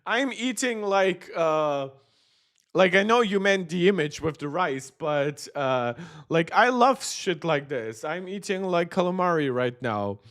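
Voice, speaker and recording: A man's voice: fairly high pitch, expressive, measured pace, fairly bright tone. Chatty man reacting to tech videos. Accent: mixed, not clearly regional. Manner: chatty, laughing asides, reads chat aloud. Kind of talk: casual live-stream commentary. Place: Berlin.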